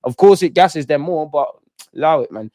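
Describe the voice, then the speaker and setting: Blunt slangy fan host. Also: male voice, a little high, normal speed, dark tone, no room sound. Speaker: football channel host. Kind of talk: casual fan commentary.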